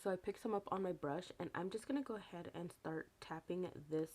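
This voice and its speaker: A young woman with a raspy morning voice, chatting casually through a makeup tutorial and correcting herself as she goes. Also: on the low side, brisk, darkish tone. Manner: chatty, rambling, self-correcting. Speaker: beauty vlogger.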